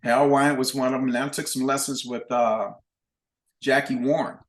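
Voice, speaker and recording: An older man, a guest musician, telling animated, plain-spoken anecdotes in a relaxed chat. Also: medium pitch, normal speed, roomy sound. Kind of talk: casual storytelling.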